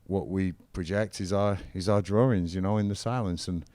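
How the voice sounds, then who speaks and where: A middle-aged man, once a football manager and also a musician, talks casually as an interview guest, telling rambling, enthusiastic stories. His mellow voice sits low with fairly even intonation at normal speed, in a dry recording.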